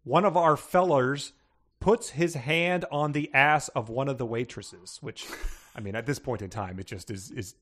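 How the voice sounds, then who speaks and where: A man's voice: mid-range voice, normal speed, a bit bright. A man co-hosting a casual book podcast, rambling through plot summaries with frequent restarts and laughter. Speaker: podcast co-host.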